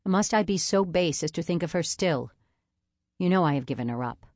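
A woman's voice: fairly low pitch, animated, normal speed, a little mellow, no room sound, studio quality. A woman voicing a stiff, flustered young male pastor who speaks in a prim, formal way. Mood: brooding. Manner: prim, formal, inwardly anxious.

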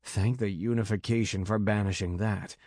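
A man narrating an audiobook in a measured, dramatic way on a close mic. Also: lowish voice, fairly even intonation, a little mellow, dry recording.

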